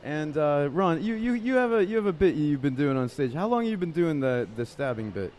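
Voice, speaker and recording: A man hosting a radio interview show, asking quick questions and reacting often with laughs. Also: fairly high pitch, very animated, a little mellow, a little hiss or hum. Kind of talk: casual interview.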